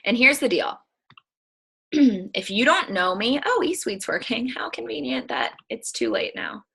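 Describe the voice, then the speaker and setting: A woman's voice: on the high side, expressive, measured pace, creaky, a bit bright, husky, low-quality recording. A young woman giving a casual, emphatic sales-team presentation over a video call, chatty and repeating her warnings. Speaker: network marketing presenter.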